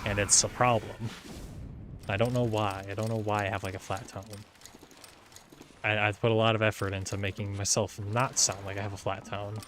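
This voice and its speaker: A young man in a casual solo livestream, talking in a flat, monotone way, rambling, swearing and restarting his sentences. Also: fairly low pitch, moderate pace, a little hiss or hum. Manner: rambling, swears often, repeats words and restarts a lot. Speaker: streamer. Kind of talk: casual solo livestream chatter while gaming.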